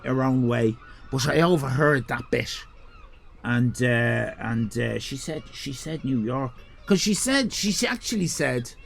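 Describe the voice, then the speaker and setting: A man's voice: mid-range voice, gravelly, slight background noise. An Irish man in his fifties chatting with his live chat as a streamer, prone to playful mock-indignant rants. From Ireland. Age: 50s.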